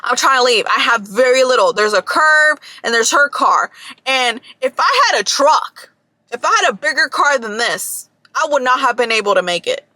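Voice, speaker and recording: Heated high-voiced woman ranting in her car. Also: expressive, moderate pace, bright, forceful tone, no room sound. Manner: blunt, profane, heated ranting. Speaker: vlogger. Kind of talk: ranting casual monologue. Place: parked car.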